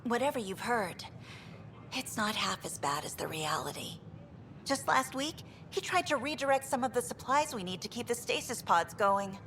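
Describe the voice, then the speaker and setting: A woman's voice: on the high side, expressive, normal speed, fairly bright tone, slight background noise. An actress playing a frustrated female engineer in a video game, speaking candidly and wryly about her troubles. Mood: exasperated. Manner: exasperated, candid, wry.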